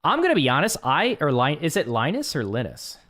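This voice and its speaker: A man's voice: fairly high pitch, very animated, fast, fairly bright tone. A young man live-streaming as he works through a coding course, reading lesson text aloud and reacting with offhand remarks. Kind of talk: casual live-stream commentary.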